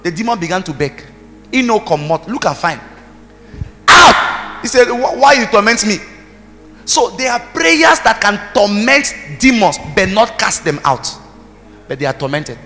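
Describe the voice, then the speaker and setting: Pastor, high and ringing, booming hall, soft music under him, punchy preaching. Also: male voice, big pitch swings, moderate pace. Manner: emphatic preaching, shouting bursts, commands to the congregation. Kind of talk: sermon. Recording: reverberant hall with music behind.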